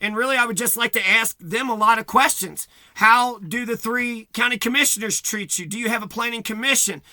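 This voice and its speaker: Man, high voice, piercing bright tone, angry profane rant, repetitive. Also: a little fast, dry recording, clean studio sound. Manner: agitated, repetitive, swearing heavily. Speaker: vlogger.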